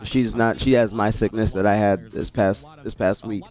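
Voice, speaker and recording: Congested low-voiced male streamer. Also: moderate pace. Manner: relaxed, rambling, talks to chat by name. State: congested from a cold. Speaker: streamer hosting a watch party. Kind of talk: casual stream chat reading chat messages.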